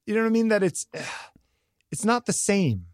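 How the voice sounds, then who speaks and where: Married guy on a podcast, talks animated, acts out the people in his stories, dry close mic. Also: high voice, measured pace, no echo. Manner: animated storytelling, acts out quotes. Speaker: podcast co-host. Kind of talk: casual conversation.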